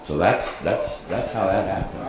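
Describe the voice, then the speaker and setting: A man telling an animated story on a convention panel, quoting people and laughing along. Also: deep voice, measured pace, a crowd in the background. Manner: animated anecdote with laughs and acted-out quotes. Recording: echoey convention hall, faint noise.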